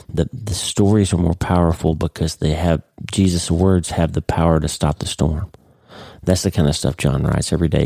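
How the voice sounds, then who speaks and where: A man's voice: a bass voice, creaky, warm tone, no room sound. A middle-aged man hosting a podcast, talking earnestly off the cuff with frequent restarts. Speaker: podcast host, neurosurgeon. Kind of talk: casual unscripted podcast monologue.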